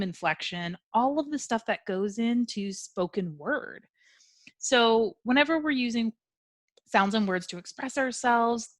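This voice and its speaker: A woman's voice: mid-range voice, fairly bright tone, no echo, clean studio sound. A woman giving a training webinar on dementia communication, explaining step by step with analogies and examples. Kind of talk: webinar presentation.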